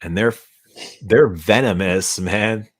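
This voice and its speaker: Hosting a late-night livestream, a man who owns a perfume brand talks in a laid-back drawl and laughs often. His voice is on the low side, slow and a little breathy.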